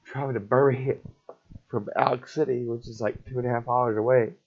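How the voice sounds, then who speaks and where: A middle-aged man telling an emotional personal story in a halting, repetitive, raw way. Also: mid-range voice, fairly even intonation, slightly rough. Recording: dull lo-fi recording.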